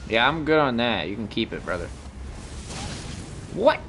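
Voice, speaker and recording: This young game streamer from the Midwestern US rambles and swears freely while chatting with viewers live. His voice is medium-pitched, sing-song, quick and sharp in tone, with a little hiss or hum in the audio.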